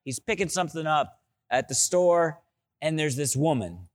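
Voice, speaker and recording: A middle-aged male pastor delivers a sermon at a moderate pace, weaving in stories as loud, excited bursts give way to soft, low asides.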